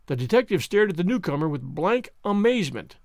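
A man narrating a classic story as an audiobook, in a measured, expressive way. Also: sits high, no echo, studio quality.

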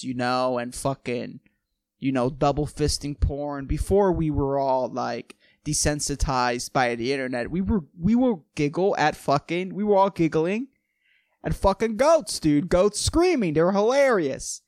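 A man's voice: fairly high pitch, dry recording. Rambling, profane young man, dry close mic. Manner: rambling, profane, laughs at his own jokes. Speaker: podcast host. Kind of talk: casual solo podcast monologue.

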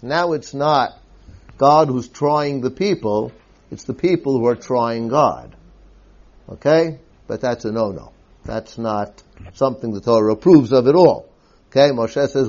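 A man's voice: mid-range voice, a little mellow, muffled recording. A man teaching scripture in a lecture, explaining step by step and often checking in with his listeners by asking "okay?". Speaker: Bible teacher.

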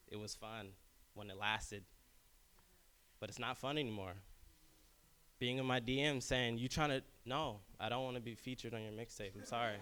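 A young man casually telling a personal story, acting out other people's lines in raised voices and laughing often. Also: clear, resonant tone. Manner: animated, acts out quotes in high voices, laughs often.

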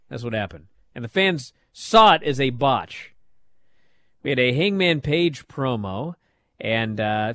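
A middle-aged man hosting a wrestling recap show, telling the matches in a lively, up-and-down casual way. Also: on the high side, no room sound. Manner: animated storytelling, swings loud and soft.

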